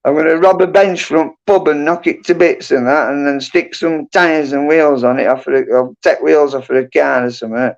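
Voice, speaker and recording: With a slightly high, creaky voice and hardly any pauses, this middle-aged man hosts a livestream at a moderate pace. His casual chat rambles and includes swearing plus plenty of "and that" and "you know," all in dull lo-fi audio.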